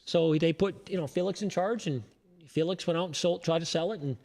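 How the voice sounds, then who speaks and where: A man's voice: a little high, brisk, gravelly, darkish tone. A middle-aged man from Connecticut, a former racing crew member, telling stories as a guest in a rambling way, often restarting his words. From Connecticut, USA. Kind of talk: casual storytelling interview.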